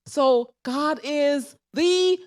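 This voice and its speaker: A woman leading prayer in church, preaching in a slow, deliberate way. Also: high voice. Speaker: prayer leader. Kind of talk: sermon.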